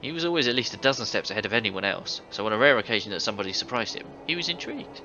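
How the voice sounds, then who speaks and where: Faint music sits behind this lowish, expressive male voice, which fires off words rapidly with a sharp edge. He plays a video game character, a middle-aged ex-thief and rowdy tavern raconteur, relishing his boastful stories. The audio is dull with a slight hiss.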